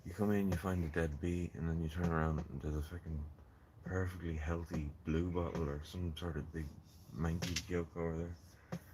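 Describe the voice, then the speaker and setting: A man's voice: low-pitched, flat delivery, normal speed, background noise. A man chatting casually on a gardening live stream, rambling and joking with viewers from his greenhouse. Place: in a greenhouse in the rain.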